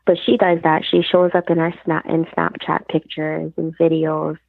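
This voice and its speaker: A woman's voice: low voice, flat delivery, moderate pace, gravelly, no echo. A woman guest on a phone call, earnestly telling her story and retelling the conversations along the way. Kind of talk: personal storytelling. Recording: tinny phone line, dry.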